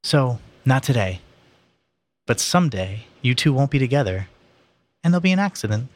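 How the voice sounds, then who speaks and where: A man reading aloud voices a scheming, menacing teenage older brother who taunts in low threats. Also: big pitch swings, normal speed, close to an everyday voice.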